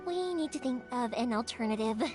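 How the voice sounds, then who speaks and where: A young woman voicing a lively, upbeat fireworks maker's daughter who chats warmly and animatedly, in game voice acting. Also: on the high side, a little fast, close to an everyday voice. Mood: affectionate. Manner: bright, chatty and animated. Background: game music.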